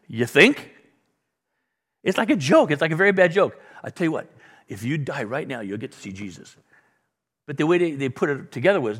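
A middle-aged man preaching a sermon, acting out the dialogue with sudden loud bursts and soft drops. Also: on the high side, big pitch swings, moderate pace. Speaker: pastor.

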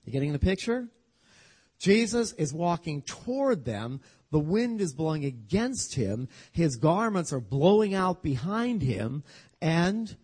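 Man, Bible teacher, storytelling sermon, husky voice, lively pitch, humorous. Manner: animated, humorous storytelling with acted-out quotes.

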